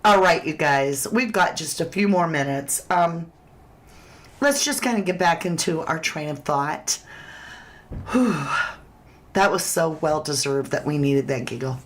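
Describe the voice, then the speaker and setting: A woman's voice: low voice, lively intonation, measured pace. A woman hosting a casual true crime livestream, chatting straight to her viewers and reading their comments aloud.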